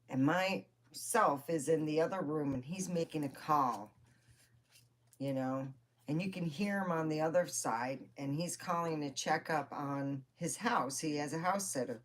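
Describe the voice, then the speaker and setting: A woman's voice: low voice, unhurried, slight background noise. A woman vlogger telling personal stories in a rambling, chatty way, with swearing. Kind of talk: casual personal storytelling.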